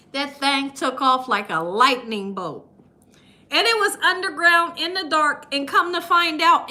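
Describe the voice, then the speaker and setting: A woman hosting a live cooking stream, telling stories in a lively way and laughing often. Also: sits high, normal speed. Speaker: cooking channel host. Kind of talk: live-stream storytelling chat.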